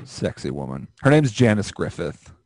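A man's voice: low-pitched, big pitch swings, normal speed, no echo. A young man hosting a casual podcast over a remote call, joking and rambling with crude humor. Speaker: podcast host.

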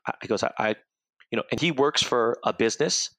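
A young man hosting a podcast, telling stories in a fast, profane rant and acting out the people he quotes. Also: medium pitch, a bit bright, dry recording. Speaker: podcast host.

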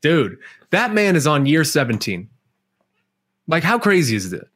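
A man's voice: on the high side, a little slow, dry recording, studio quality. A man on a sports talk panel, talking animatedly and emphatically, with lots of "like". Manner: animated, emphatic, heavy use of "like". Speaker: podcast panelist. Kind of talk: casual sports chat.

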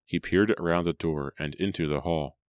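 A man narrates a horror novel in a measured storytelling manner. His voice is very deep and low. The recording is dry and close, with no room sound. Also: no room sound. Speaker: audiobook narrator. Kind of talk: scripted narration.

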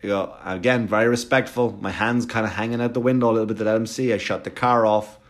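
Fast-talking, profane male comedian. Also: fairly low pitch, steady tone. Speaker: stand-up comedian. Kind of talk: stand-up storytelling.

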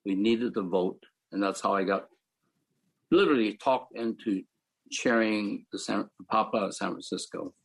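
An older man from the Philippines, calmly telling his life story as a panel speaker. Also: on the low side, moderate pace, creaky, husky, low-quality recording. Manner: reflective, matter-of-fact storytelling. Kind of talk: personal storytelling.

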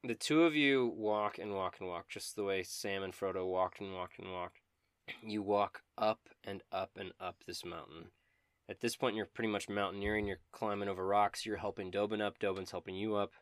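A man runs a tabletop game, reading out scenes slowly and descriptively. His voice sits fairly low and sounds dry and close, with no room around it. He drops playful asides between the descriptions. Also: fairly even intonation, no room sound. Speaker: game master.

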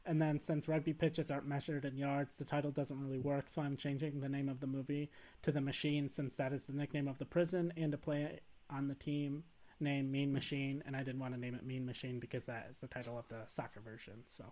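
A man on a casual podcast, earnestly explaining his movie pitch. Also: level tone, fairly quick, a little mellow, rough recording. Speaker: podcast panelist. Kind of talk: casual chat.

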